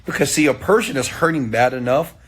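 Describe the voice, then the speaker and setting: A man giving a motivational talk, preachy and animated, often checking in with "okay?". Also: medium pitch, fairly quick, noisy background. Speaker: motivational speaker.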